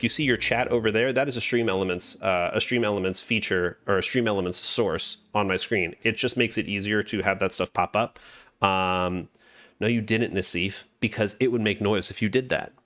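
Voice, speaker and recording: A man's voice: lowish voice, fairly bright tone. A man casually explaining his streaming setup, rambling, greeting chat mid-sentence and correcting himself. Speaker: Twitch streamer. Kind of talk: live-streamed software tutorial.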